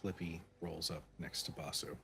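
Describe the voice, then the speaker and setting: A man running a tabletop game as game master, narrating the scene slowly and warmly. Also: deep voice, level tone, vocal fry.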